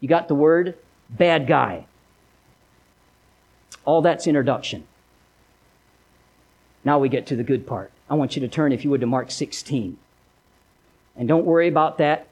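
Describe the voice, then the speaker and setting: Pastor guy preaching, mid-pitched voice, tells the story big then drops way down quiet, talks straight to the congregation. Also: a little slow, pauses often, husky. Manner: dramatic storytelling, swinging from loud emphasis to hushed low lines. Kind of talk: sermon.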